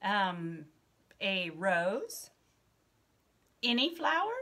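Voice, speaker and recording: A young adult woman teaching an English lesson online to a child, slow and encouraging, with lots of praise. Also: mid-range voice, sing-song, sharp tone.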